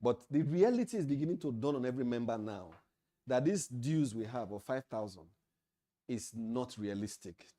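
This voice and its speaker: In a meeting hall, a man with a Nigerian English accent trains association officials, hammering home points by repeating key phrases. His mid-range voice is mellow and animated, moving at normal speed.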